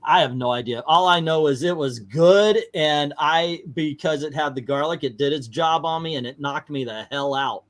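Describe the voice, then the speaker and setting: A man's voice: a little high, moderate pace, hardly any pauses. A man hosting a casual livestream, telling rambling stories and laughing often. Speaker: livestream host.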